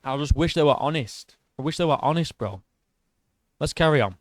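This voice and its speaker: A man's voice: a little high, lively intonation, fairly quick, no room sound. Blunt, mocking male commentator. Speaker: boxing commentator. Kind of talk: reaction commentary.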